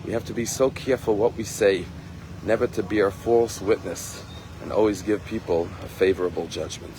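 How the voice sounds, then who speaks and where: A man's voice: steady tone, normal speed, background noise. A man, a rabbi, telling a teaching story in a sermon and acting out the quoted lines. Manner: acts out quoted lines with rising pitch.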